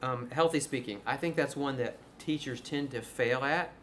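This is a man, giving a relaxed, conversational workshop talk to fellow teachers. The recording carries a faint hiss of background noise. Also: medium pitch, normal speed. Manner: conversational, demonstrates his voice registers. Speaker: music teacher presenting to teachers. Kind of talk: workshop presentation. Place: room before a live audience.

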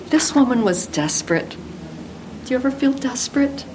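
A woman's voice: sits high, lively intonation, moderate pace, background noise. An older woman teaching the Bible to women in an earnest, affectionate devotional talk.

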